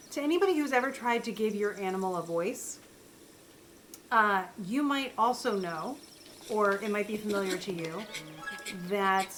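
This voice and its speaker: A woman's voice: medium pitch, noisy background. Chatty woman streaming a game at home. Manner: chatty, rambling, talks to viewers and game characters. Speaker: streamer playing a video game. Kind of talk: casual gameplay chat. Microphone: desk microphone. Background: household sounds, dog noises.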